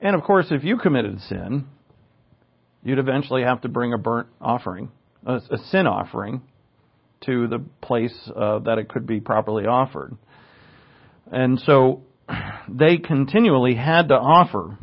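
A man's voice: mid-range voice, animated, measured pace, gravelly, slightly rough. A male pastor teaching a verse-by-verse sermon in a conversational way, with asides, self-corrections and emphasis that rises on key words. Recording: dull lo-fi recording.

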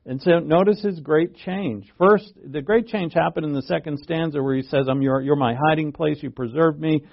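A man preaching a sermon, earnest and halting, restarting phrases and pushing his voice up for emphasis. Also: a little high, creaky, muffled recording. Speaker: pastor.

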